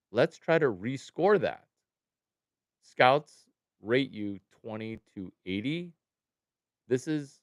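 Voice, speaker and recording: Excitable man livestreaming, slow and crisp. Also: fairly low pitch, dry recording, clean studio sound. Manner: excitable, jumps from mumbling to loud outbursts. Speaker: livestream host. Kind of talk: animated livestream talk to chat.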